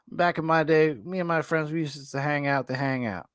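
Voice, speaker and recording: A man's voice: on the high side, fairly bright tone, no room sound, clean studio sound. An American man hosting a podcast, joking and rambling in casual chat. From United States. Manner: jokey, rambling, laughs often.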